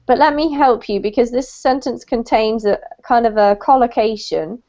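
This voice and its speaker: A woman English teacher giving an online lesson, encouraging and modeling words slowly over a video call. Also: a little high, mellow. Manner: encouraging, clarifies pronunciation with slow modeled words. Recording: dull lo-fi call audio.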